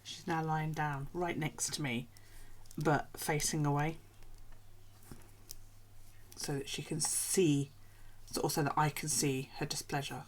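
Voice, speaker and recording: A woman's voice: low-pitched, level tone, unhurried, pauses often. A woman, chatting casually and swearing freely while live-streaming from home at night. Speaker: craft streamer.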